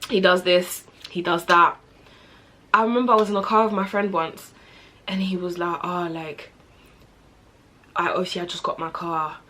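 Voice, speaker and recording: A young woman speaks straight to camera in a personal vlog, earnest and passionate, rambling with lots of fillers. Her voice sits a little high and has a husky, breathy edge. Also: fairly bright tone.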